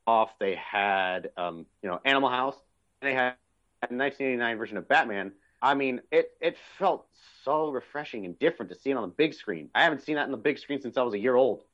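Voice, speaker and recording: A young man co-hosts a podcast in a casual chat, eager and enthusiastic, rambling along with lots of fillers. His voice is mid-range and a bit bright, captured on a dull lo-fi recording.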